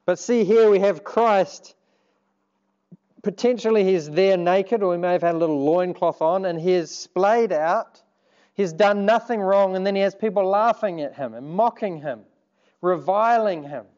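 A man's voice: high-pitched, normal speed, a little mellow, lo-fi sound. A man preaching a sermon, earnest and conversational, turning to the congregation with asides. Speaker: pastor.

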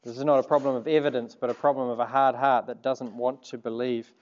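A man's voice: medium pitch, little pitch movement, fast, dull audio. A man preaching a sermon, earnest and conversational, turning to the congregation with asides. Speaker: pastor.

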